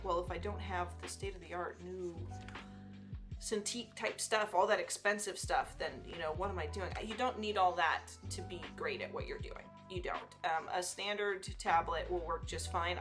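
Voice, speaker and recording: A woman talks through her digital painting on a live stream, chatty and self-teasing, trailing into fillers and little asides. Her voice is bright and forward, mid-pitched, with soft music far underneath. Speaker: digital artist and livestream host. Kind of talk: casual live art demo.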